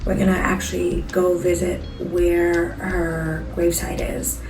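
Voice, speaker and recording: A woman's voice: lowish voice, level tone, a little slow, a little mellow. A woman in her late thirties, chatting casually to camera as a vlogger, telling stories with many fillers. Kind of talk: casual vlog chat. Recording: roomy echo, music in background.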